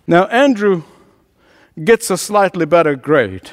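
A man preaching a sermon, swinging between soft, low asides and rising, emphatic climaxes, with chuckles between lines. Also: animated, a little slow. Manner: preaching with dramatic swings of pitch and loudness, builds to emphatic climaxes. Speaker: pastor.

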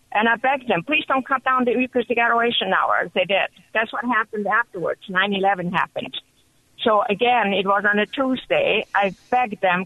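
A woman calling in to a radio show, telling her story with excited, animated energy over the telephone. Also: mid-range voice, dry recording. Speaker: caller. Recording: dull phone line.

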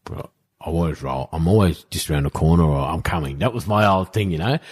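Very deep, husky Australian man. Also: quick pace. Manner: animated anecdotes, acts out other people's lines, swears casually. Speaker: guest, former rugby league player. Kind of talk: casual storytelling in a podcast chat.

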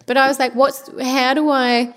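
A woman's voice: sits high, flat delivery, normal speed, fairly bright tone. A young woman chatting casually as a podcast guest, loose and talkative with many fillers. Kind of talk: casual chat.

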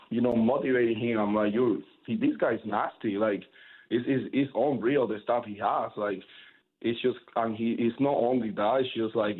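A man whose first language is Spanish, talking baseball in a casual interview. His voice sits on the low side and comes through a thin, phone-like line. He talks with energy and rambles, with fillers and restarts. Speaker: baseball pitcher, interview guest.

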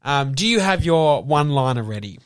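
A man's voice: on the high side, big pitch swings, moderate pace, clear, resonant tone. A young man co-hosting a comedy podcast, wry and easily amused, with an exasperated tone. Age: young adult. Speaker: podcast co-host. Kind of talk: casual comedy podcast banter.

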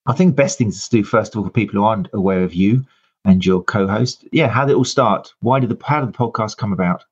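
A man's voice: on the low side, fast talker, breathy edge, highs cut off. Chatty rambling male podcast host. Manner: chatty, rambling, many fillers. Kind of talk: casual live-show introduction and interview.

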